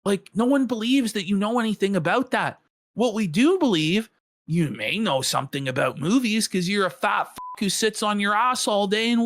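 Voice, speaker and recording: A man's voice: sits high, fairly bright tone, no echo. Guy ranting scornful at a clip, dead dry sound. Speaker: co-host. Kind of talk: reaction commentary.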